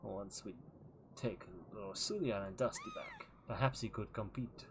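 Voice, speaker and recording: A man voicing a stately king who makes royal pronouncements in a slow, measured way. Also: on the low side, wildly swooping pitch, noisy background, heavily acted. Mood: proud. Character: stately male king reading royal decrees.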